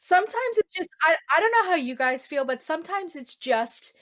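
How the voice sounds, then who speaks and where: A woman's voice: very high-pitched, big pitch swings, a little fast. A woman, a podcast guest, chatting casually and explaining at length with asides. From Canada. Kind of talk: casual conversation.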